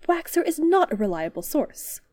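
A woman's voice: sits high, sing-song, normal speed, a little mellow, no room sound, clean studio sound, pitched above the performer's own voice. A woman voicing a weary, exasperated male Jedi master in a storybook reading, fussy and indignant.

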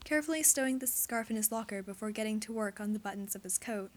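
A woman's voice: medium pitch, quick pace, few pauses. Woman reading a story aloud. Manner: steady storytelling narration. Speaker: reader. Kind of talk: fan fiction read aloud.

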